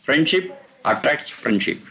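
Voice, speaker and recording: A man teaching a class on scripture, explaining verses slowly and repeating the recited lines. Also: on the high side, lively intonation, gravelly, pushed and bright, muffled recording. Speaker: teacher of Vedic texts.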